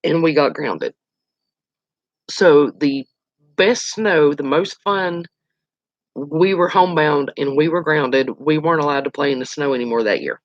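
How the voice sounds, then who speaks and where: Animated storyteller, lo-fi. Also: mid-range voice, dry recording. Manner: animated, colloquial, exclaiming. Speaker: outdoors channel host. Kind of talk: casual storytelling. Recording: dull lo-fi dry recording.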